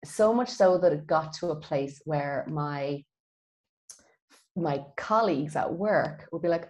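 A woman guest on a podcast, telling her life story in a lively, animated way and acting out the dialogue she quotes. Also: low-pitched, a little slow, muffled recording. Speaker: guest, feng shui expert. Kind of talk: casual podcast interview.

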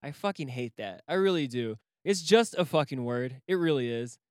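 A man's voice: medium pitch, animated, moderate pace, no echo, studio quality. A man co-hosting a casual podcast chat, rambling, swearing freely and laughing often. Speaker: podcast co-host.

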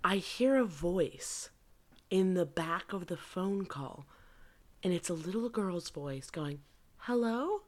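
A woman's voice: on the low side, lively intonation, slow pace, darkish tone. A woman in her twenties, a podcast co-host, telling stories in a loose, casual way and swearing freely. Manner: loose, profane storytelling. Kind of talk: casual chat.

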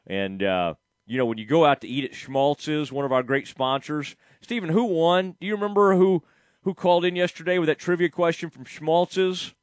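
A man's voice: fairly high pitch, moderate pace, clear, resonant tone, dry recording. Man, radio host, rambling casual talk, dry studio sound. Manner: rambling, laughs often, addresses his producer.

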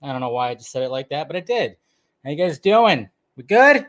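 A man's voice: on the high side, sing-song, normal speed, fairly bright tone. A man hosting a livestream in loose, casual chat, greeting viewers by name and swearing now and then. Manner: loose and chatty, reads out viewer names. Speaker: livestream host.

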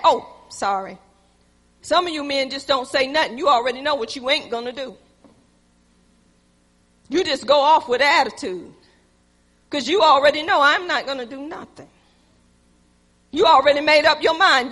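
Female preacher, high bright voice, down-home sermon delivery, church hall reverb. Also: normal speed. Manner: call-and-response preaching, addressing the congregation directly. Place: church sanctuary.

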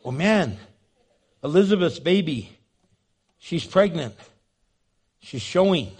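A man preaching a sermon, animated and jokey, acting out the scenes he describes. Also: a little high, slow pace, husky. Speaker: pastor.

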